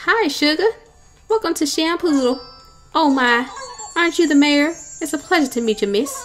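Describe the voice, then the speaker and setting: A woman's voice: high voice, expressive, normal speed, a bit bright, faint music behind. A woman voicing a sweet-talking female poodle salon stylist in a put-on accent. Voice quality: put-on accent, calls people sugar. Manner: gushing, salesy politeness.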